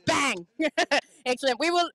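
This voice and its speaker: Bubbly high-voiced woman host on a dock. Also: lively intonation, slow, a bit bright. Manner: bubbly, laughs often, playful. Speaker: sailing reporter, host. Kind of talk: casual on-the-spot interviews. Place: outdoors on a marina dock.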